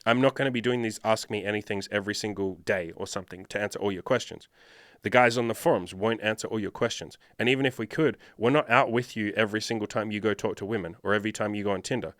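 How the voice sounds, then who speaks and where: A man's voice: fairly low pitch, fast, fairly bright tone, dry recording, clean studio sound. A man working as a dating coach, answering viewer questions in a blunt, profane, lecturing monologue.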